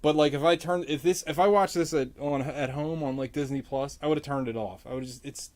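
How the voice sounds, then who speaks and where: A man vlogging while he draws, ranting casually about a movie in a rambling, profane way, his voice jumping up in pitch when he gets exasperated. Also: fairly even intonation, brisk, darkish tone. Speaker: artist vlogger. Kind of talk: casual rant while drawing.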